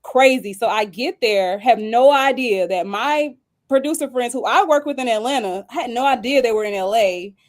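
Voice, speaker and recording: A young woman, a singer and songwriter, telling a story in a casual interview, animated and laughing often. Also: a little high, normal speed. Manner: animated, squeals when acting out quoted dialogue.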